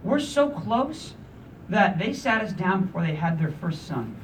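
A man's voice: high-pitched, big pitch swings, unhurried, slight background noise. A man in his thirties preaching a sermon in a conversational, emphatic way. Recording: voice from a distance with faint room ambience.

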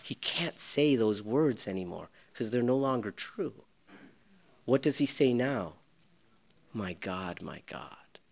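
A man preaching a sermon, swinging between loud, urgent passages and hushed, near-whispered ones. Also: mid-range voice, lively intonation, unhurried. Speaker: pastor.

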